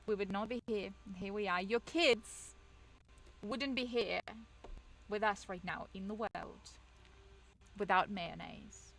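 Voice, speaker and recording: A woman's voice: mid-range voice, expressive, normal speed, fairly bright tone, rough recording. A woman from England, chatting casually on stream, telling rambling stories and reading chat aloud, full of fillers and restarts.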